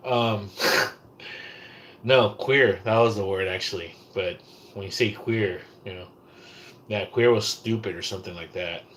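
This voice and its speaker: A man's voice: fairly low pitch, a little slow, long pauses, a little hiss or hum, low-quality recording. A man from California livestreaming casual chat, rambling and swearing, often trailing off and restarting. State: low blood sugar, shaky.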